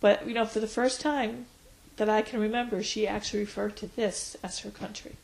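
A woman in her forties, reflecting on her life in an interview, pausing often with fillers. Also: mid-range voice, steady tone, gravelly, a little hiss or hum, rough recording. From United States. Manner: reflective, hesitant with frequent fillers. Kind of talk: oral history interview.

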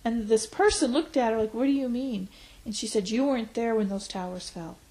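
A woman in her forties, reflecting on her life in an interview, pausing often with fillers. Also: a little high, expressive, warm tone, low-quality recording. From United States. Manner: reflective, hesitant with frequent fillers. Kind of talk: oral history interview.

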